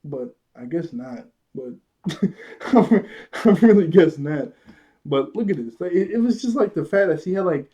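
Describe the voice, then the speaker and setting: Husky man recapping with laughs. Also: mid-range voice. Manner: animated retelling, acts out quotes, laughs often. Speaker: show reviewer. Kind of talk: casual episode recap.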